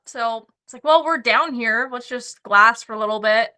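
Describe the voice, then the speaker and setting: A woman tells hunting stories as a podcast guest, her voice high and bright. She swears freely and laughs her way through the tale, talking casually. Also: steady tone, moderate pace, few pauses, smooth. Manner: profane, laughing anecdotes. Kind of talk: casual storytelling.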